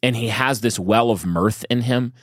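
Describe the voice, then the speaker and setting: With a medium-pitched voice and moderate pace, this podcast co-host sounds crisp in a studio recording free of room sound. He thinks out loud with enthusiasm during the casual chat, often breaking off to begin sentences again.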